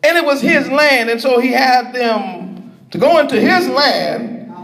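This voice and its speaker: A man preaching a sermon, reading verses and calling out to his congregation in an emphatic, drawn-out way. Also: very high voice, expressive, creaky, fairly bright tone.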